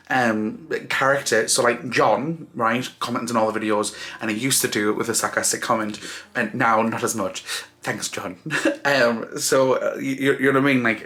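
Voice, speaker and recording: A man talking through tears in a casual vlog, halting and restarting with many fillers as he thanks friends. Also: mid-range voice, a bit bright. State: crying. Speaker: vlogger.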